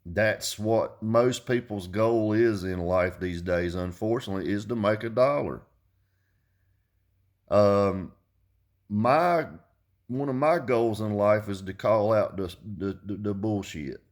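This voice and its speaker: A man's voice: lowish voice, slow. Blunt, ranting man in his fifties. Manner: blunt, profane, repeats himself when heated. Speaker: car audio vlogger. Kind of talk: casual rant to camera.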